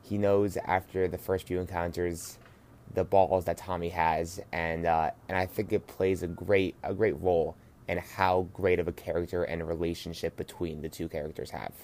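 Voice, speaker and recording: A man's voice: deep voice, level tone, normal speed, darkish tone. A man co-hosting a podcast, talking earnestly with frequent hesitations and fillers. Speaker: podcast co-host. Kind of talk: casual podcast discussion.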